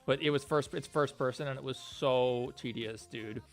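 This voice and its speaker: A man's voice: mid-range voice, normal speed, faint music behind. A man livestreaming while he builds a game, chatting and thanking donors as he works. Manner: rambling, thanks donors mid-work. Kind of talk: casual livestream chat.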